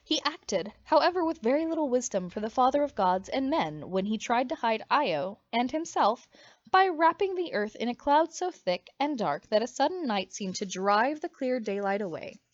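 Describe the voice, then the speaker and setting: Lively, dramatic woman storybook reader. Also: on the high side, moderate pace, dry recording. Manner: expressive, dramatic reading. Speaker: audiobook reader. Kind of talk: storybook read-aloud narration. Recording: dry, slightly muffled home recording.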